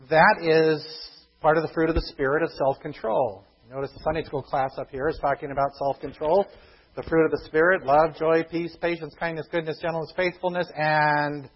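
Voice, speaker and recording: A man preaching a sermon as pastor, earnest and emphatic, dropping to a hushed tone on key points. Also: a little high, moderate pace, breathy edge, highs cut off.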